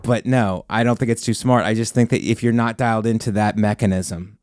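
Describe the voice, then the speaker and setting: Male podcast host, stand-up comic, low voice, starts and restarts his sentences, dry close mic. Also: fairly even intonation, fairly quick, darkish tone, no echo. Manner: rambling, self-interrupting, sarcastic. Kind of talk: casual podcast chat.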